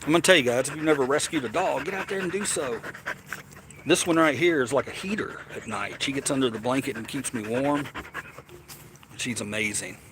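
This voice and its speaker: A man's voice: mid-range voice, a little fast, background noise. A man from Tennessee with a Southern accent, hosting a casual livestream, chatting and answering comments in a rambling way with stammered restarts. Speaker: livestream host.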